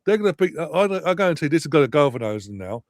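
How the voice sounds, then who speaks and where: A man's voice: fairly high pitch, big pitch swings, fast, dry recording. A man, ranting bitterly and sarcastically about his football team's play. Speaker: football fan co-host. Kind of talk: angry live match watchalong rant.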